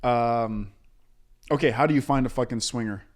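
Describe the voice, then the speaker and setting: A man trading crude banter on a relaxed podcast. He swears freely and keeps the talk animated and joking. He often slips into exaggerated voices to mock people. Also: medium pitch, moderate pace. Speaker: podcast co-host.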